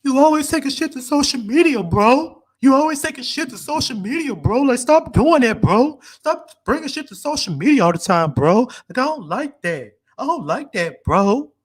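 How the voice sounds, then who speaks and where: A man's voice: very high voice, animated, moderate pace, hardly any pauses, slightly rough, voice pushed up, heavily acted. A man putting on the voice of an angry young woman who scolds her boyfriend in a mocking livestream impression, ranting and repeating "bro" at every turn. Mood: heated.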